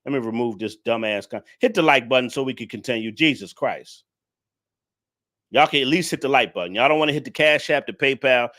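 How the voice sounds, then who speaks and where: This livestream commentator lectures his audience in a ranting, preachy way, repeating himself as he scolds. He speaks a little fast in a medium-pitched, somewhat bright voice.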